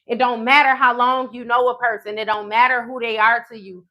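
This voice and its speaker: A woman tells a personal story in a live stream, animated and profane, often checking in with "okay?". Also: a little high, fairly quick. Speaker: tarot reader.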